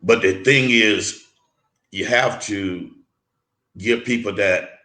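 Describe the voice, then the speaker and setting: Low, bright-voiced man in an echoey room. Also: slow pace. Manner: earnest, emphatic, with restarts and repeats. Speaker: guest mentor.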